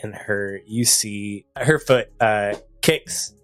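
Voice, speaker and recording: A man runs a tabletop game in a relaxed, rambling voice, heavy with fillers. His voice sits low, recorded dry and close on a podcast mic. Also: slow pace, no echo, soft background music. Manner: loose, filler-heavy narration. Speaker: game master.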